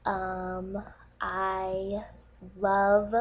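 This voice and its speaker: A woman recording a dating video introduction, nervous and halting, with many ums, her voice teary and gushing. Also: on the high side, fairly even intonation. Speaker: online dating video maker.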